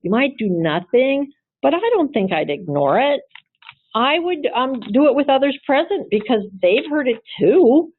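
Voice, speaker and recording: A woman's voice: high voice, very animated, normal speed, slightly rough. A woman employment lawyer giving a conversational webinar lecture, chatty and full of rhetorical questions to her listeners. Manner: chatty, asks the audience rhetorical questions, frequent "you know" and "um". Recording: tinny phone-line audio, dry.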